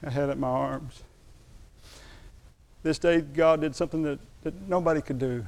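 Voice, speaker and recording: An older man preaching a sermon, telling a personal story, slowing for emphasis and dropping to a quiet, moved tone. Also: on the high side, vocal fry. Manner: storytelling, slows down for emphasis, drops to a hushed tone when moved. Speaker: pastor.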